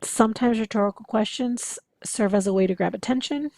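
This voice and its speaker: Female instructor, encouraging lecture tone, mellow voice with a dry, close sound. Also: on the high side, brisk, no room sound. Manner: explanatory, encouraging, occasionally laughing. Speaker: interpreting instructor. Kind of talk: recorded lecture over slides.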